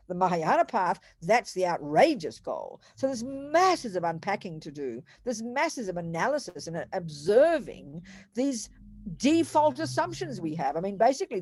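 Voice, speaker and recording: A woman with an Australian accent, giving a Buddhist teaching in an animated, emphatic way with storytelling asides. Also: on the high side, no room sound, clean studio sound.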